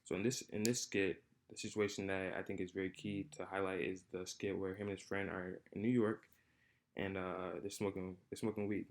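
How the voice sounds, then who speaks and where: A man's voice: low voice, flat delivery, fairly quick. A young man giving an unscripted class presentation, hesitant, with frequent fillers and repeated phrases. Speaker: student presenter. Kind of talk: spoken class presentation on comedy.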